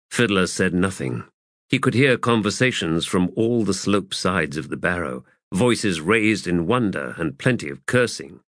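A man narrating a fantasy novel in a measured, deliberate way. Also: sits low, lively intonation, no echo, studio quality. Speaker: audiobook narrator.

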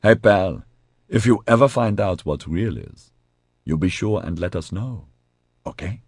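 A laid-back, friendly winged alien, his voice lifted a little above a deep, husky base, put on by a male narrator. He teases in a loose, casual drawl, close and dry. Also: measured pace, no echo, heavily acted. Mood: easygoing. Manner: relaxed, teasing, casual.

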